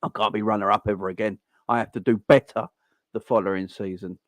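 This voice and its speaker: A man's voice: fairly low pitch, fairly even intonation, quick pace, dry recording. A young man hosting a live stream, ranting in an exasperated, repetitive way and swearing now and then. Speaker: fan channel host. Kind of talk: live-stream football rant.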